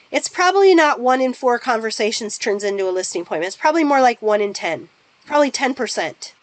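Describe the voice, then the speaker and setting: A woman with a somewhat high voice teaches a webinar for real estate agents. She fires off direct questions at her listeners and works through the numbers one step at a time. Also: rough recording. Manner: direct, asks the audience a string of questions. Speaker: real estate business coach. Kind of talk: webinar presentation.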